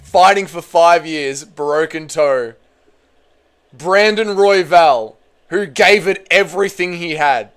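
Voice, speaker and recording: A man hosting a live fight watch-along stream, commentating excitably and with heavy swearing, yelling at the big moments and then talking drained and emotional. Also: on the high side, takes it slowly, clear, resonant tone, soft background music. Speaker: livestream host.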